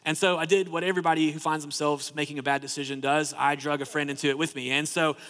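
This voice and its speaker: Fast-talking high-voiced man preaching a sermon. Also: flat delivery, fairly bright tone. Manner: conversational, fills with "like", repeats himself. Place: church sanctuary. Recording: long hall reverb.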